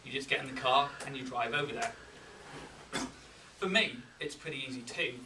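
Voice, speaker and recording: A man with a Yorkshire accent giving a humorous contest speech, with deadpan timing and pauses for laughs. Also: mid-range voice, background noise. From England. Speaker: contest speaker. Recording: roomy hall, mic from a distance.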